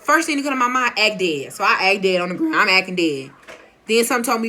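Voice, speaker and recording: Bright-voiced Texan woman telling a story. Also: on the high side, fast, a little hiss or hum. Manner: animated, slangy, laughing through the story. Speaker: vlogger. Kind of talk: casual storytelling.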